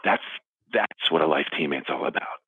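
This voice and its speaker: A middle-aged man calling in from his office, earnest and halting with restarts, walking as he talks and close to tears. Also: a bass voice, breathy edge, no echo. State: teary. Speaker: interview guest, foundation founder. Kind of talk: emotional phone interview. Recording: phone line.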